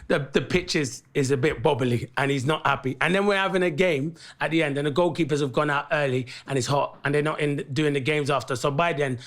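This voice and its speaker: A football pundit with a South London accent tells a story from his playing days. His voice sits a little high, and he talks in a lively way with laughs along the way. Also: fairly quick, hardly any pauses. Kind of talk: animated anecdote-telling on a podcast.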